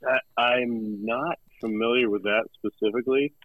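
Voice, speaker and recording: Dry, relaxed man chatting as a guest. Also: mid-range voice, dry recording, narrow, tinny audio. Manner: relaxed, halting with many fillers. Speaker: guest, company representative. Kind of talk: casual interview chat.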